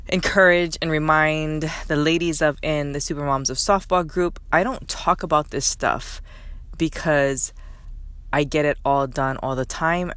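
A woman's voice: low-pitched, a bit bright, no echo. A woman hosting a podcast, talking alone in a candid, motivational way, coaching herself aloud. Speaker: podcast host. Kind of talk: solo motivational podcast talk.

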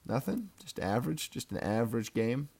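A man's voice: mid-range voice, very animated, normal speed, gravelly, a little mellow. A young man giving a casual, rambling fantasy football recap, full of trash talk and laughter. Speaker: fantasy football league member.

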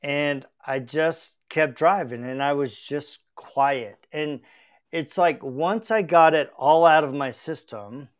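A middle-aged man speaks in an unhurried, measured way, his voice clean and rounded. He hosts a podcast and tells a personal story with heartfelt sincerity, often restarting his sentences as he reflects. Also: fairly high pitch. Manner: earnest and reflective, with frequent restarts. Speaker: podcast host.

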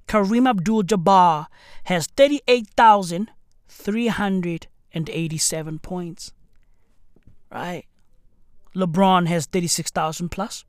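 A woman hosting a casual news commentary, talking in an animated, slangy and profane way full of rhetorical questions. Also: on the low side, slow pace, long pauses, no echo, studio quality. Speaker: commentary host.

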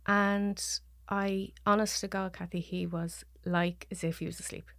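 A woman with a Dublin Irish accent, a podcast guest telling a personal story in halting, restarting sentences and voicing what others said. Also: medium pitch, little pitch movement, fairly bright tone, no room sound, clean studio sound. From Ireland. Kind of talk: personal story told in conversation.

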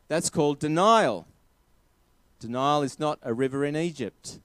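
A man delivering a sermon in a fairly high voice, driving each point home by repeating it. The sound is dry and close, with no room echo. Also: a little slow, a bit bright. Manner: emphatic, repeating key phrases. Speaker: preacher.

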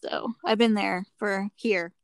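A woman's voice: medium pitch, takes it slowly, vocal fry, clear, resonant tone, no room sound. A woman hairstylist in casual chat, telling rambling stories and acting out what people said. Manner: rambling storyteller, acts out quotes.

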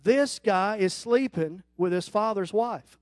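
Pastor, male, high voice; emphatic sermon delivery with questions to the crowd. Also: a little slow, no echo, studio quality. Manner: preaching with rhetorical questions and emphatic rises; teasing the congregation.

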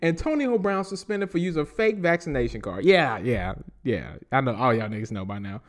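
Reading the news aloud on his podcast, a Southern man riffs loosely on each story, laughing and cursing as he goes. He has a medium-pitched voice with lively intonation and keeps a moderate pace.

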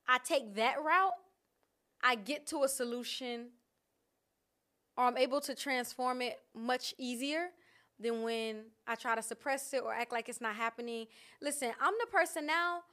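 A woman vlogger talking candidly and casually about her feelings, animated and laughing often. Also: high voice, measured pace, pauses often. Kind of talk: casual reflective chat. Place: outdoors in nature.

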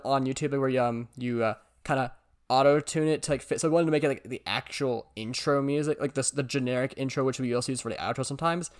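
Halting male podcast co-host. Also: mid-range voice, clean tone. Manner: halting, full of restarts. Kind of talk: casual podcast chat.

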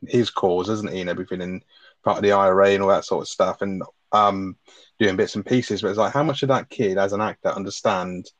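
A man co-hosting a podcast, reading a plot summary and chatting about a film in a relaxed way. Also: low-pitched, a little fast, no room sound. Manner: relaxed, laughs, tag questions. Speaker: podcast co-host. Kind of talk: reading a plot summary, then casual chat. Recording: dry, slightly dull mic sound.

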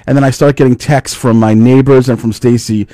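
A man's voice: medium pitch, fairly even intonation, brisk, mellow, no room sound. A man, hosting a podcast and telling a rambling story in casual chat, full of fillers and swearing. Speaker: podcast host.

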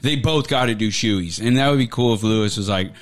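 A man's voice: lowish voice, brisk. A man from Oklahoma co-hosting a podcast, chatting casually about fights in a loose, profane, jokey way, often slipping into voices. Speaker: podcast co-host.

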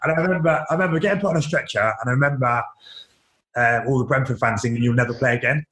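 A man's voice: mid-range voice, very fast, a bit bright, echoey room. A man, a former professional footballer, telling his story candidly, repeating words and using lots of fillers. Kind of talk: casual interview storytelling.

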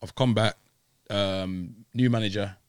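A man's voice: on the low side, fairly even intonation, unhurried, clear, resonant tone, dry recording. Young guy, dry close mic, slangy storytelling, laughs a lot. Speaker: guest. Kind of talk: casual chat.

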